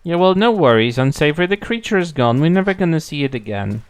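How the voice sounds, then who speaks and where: A man's voice: on the high side, very animated, fast, clean tone. A young man streaming a game, chatting casually, playful and swearing freely. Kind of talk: casual gameplay commentary.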